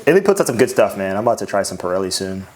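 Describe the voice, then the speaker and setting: Male co-host, lowish voice, quick and laid-back delivery. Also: very animated, a little mellow, a little hiss or hum. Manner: laid-back, filler-heavy with lots of "like". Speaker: podcast co-host. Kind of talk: casual podcast chat.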